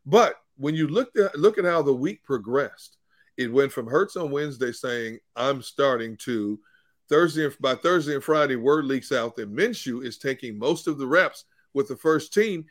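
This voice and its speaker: A man's voice: medium pitch, lively intonation, moderate pace, no echo, studio quality. A man working as a football reporter and analyst, earnestly explaining and repeating his points on a sports talk show.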